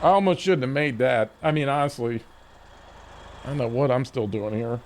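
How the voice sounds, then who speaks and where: A man's voice: medium pitch, moderate pace, slight background noise. A man streaming a game, telling a rambling story with frequent swearing and restarts, at his desk mic. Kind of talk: casual stream chat.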